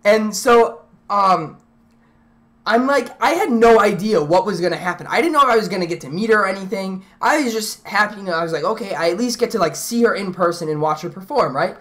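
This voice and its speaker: A young woman streamer telling a story to her live chat in a rambling, excitable way, full of restarts and fillers. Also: medium pitch, a little fast.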